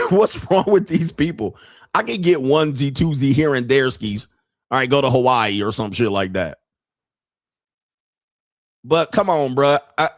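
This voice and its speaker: A man hosting a podcast, telling a story in a profane, animated way with frequent laughter. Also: on the high side, no room sound, clean studio sound. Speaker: podcast host. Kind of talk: casual monologue.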